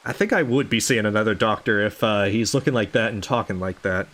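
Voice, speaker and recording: A man's voice: fairly low pitch, a little fast, hardly any pauses, fairly bright tone. A man giving casual, wry let's-play commentary with swearing asides.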